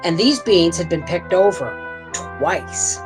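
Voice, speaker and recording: A woman's voice: lowish voice, lively intonation, takes it slowly, over music, poor audio. A woman vlogging from her homestead, telling a rambling, emotional story in a folksy, chatty way. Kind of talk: casual storytelling to camera.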